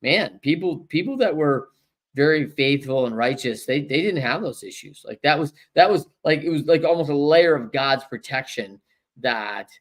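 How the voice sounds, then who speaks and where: A man's voice: fairly high pitch, animated, moderate pace. A man hosting a podcast, talking loosely with lots of fillers. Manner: loose, filler-heavy talk. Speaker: podcast host, coach. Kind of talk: casual conversation.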